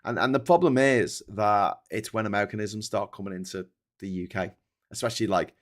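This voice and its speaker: A man's voice: on the low side, brisk. A man hosting a livestream, chatting casually and reading out viewer comments in a rambling, sweary way, often laughing at his own jokes. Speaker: livestream host.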